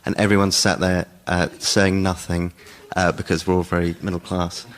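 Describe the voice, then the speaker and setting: A man's voice: deep voice, flat delivery, normal speed. Dry, exasperated male comedian. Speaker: comedian panelist. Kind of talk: comic anecdote. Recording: studio with audience noise.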